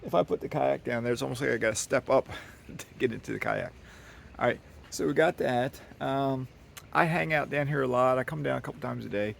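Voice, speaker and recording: A man's voice: mid-range voice, fairly quick, vocal fry, slight background noise. A man giving a casual, rambling walk-and-talk tour of his waterside dock, recorded outdoors on a handheld camera. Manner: rambling, folksy, with restarts. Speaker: vlogger giving a property tour. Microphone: handheld camera carried while walking. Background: birds.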